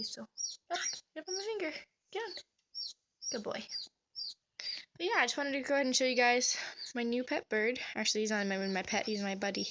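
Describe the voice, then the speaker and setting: A woman's voice: fairly high pitch, lively intonation, brisk, pauses often, background noise. Chatty woman cooing at her pet bird. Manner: chatty, coos to her bird in a sing-song baby voice. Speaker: pet vlogger. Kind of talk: casual pet vlog. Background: cockatiel chirping.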